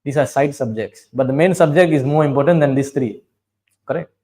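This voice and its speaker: A man's voice: mid-range voice, a little fast, a little mellow, rough recording. A man giving a devotional class, telling scripture stories, chanting verses and asking his listeners questions. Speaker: preacher.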